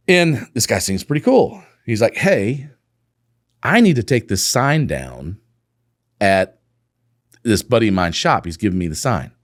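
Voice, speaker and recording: A man's voice: on the low side, dry recording, clean studio sound. A man, a company co-founder, telling a business story in a casual interview, laughing and acting out the dialogue. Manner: animated, laughing, acts out quoted dialogue.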